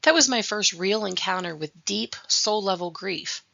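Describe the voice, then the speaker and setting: This podcast host, a young adult woman, speaks at a normal speed in a medium-pitched, creaky voice with a sharp tone. Earnest and reflective, she recounts her own grief, captured on a dull lo-fi recording.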